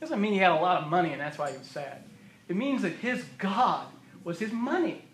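A man preaching a sermon, emphatic and repeating phrases for stress, his voice going hoarse. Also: high voice, lively intonation, a little fast, fairly bright tone, a little hiss or hum. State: losing his voice. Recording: roomy echo of a hall.

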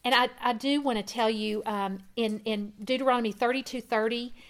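A woman reading a first-person testimony aloud in an earnest way, growing louder at dramatic moments. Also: a little high, steady tone, brisk. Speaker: reader.

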